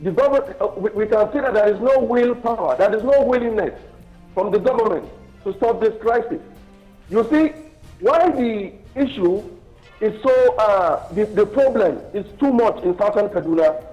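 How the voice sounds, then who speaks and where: Emphatic Nigerian male phone-in guest, high-pitched, lo-fi line. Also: lively intonation, moderate pace, a little mellow. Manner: emphatic, insistent. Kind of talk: news talk show interview. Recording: muffled phone line with music.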